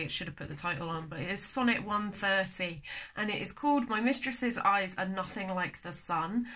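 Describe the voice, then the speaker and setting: A woman's voice: medium pitch, sharp tone. Chatty young woman teaching poetry. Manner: chatty, thinks aloud, self-deprecating; slows to sound out syllables. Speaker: poetry tutor. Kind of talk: casual video lesson.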